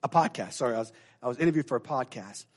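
A middle-aged male pastor preaching a sermon, swinging from loud emphatic declarations to hushed low asides with call-and-response phrases. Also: expressive, very fast.

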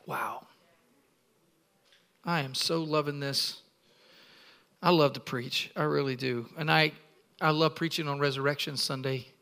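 A man's voice: fairly high pitch, fairly even intonation, normal speed, bright, forceful tone, clean tone. A middle-aged male pastor preaching a sermon in a church, exuberant and playful, calling on the congregation to respond.

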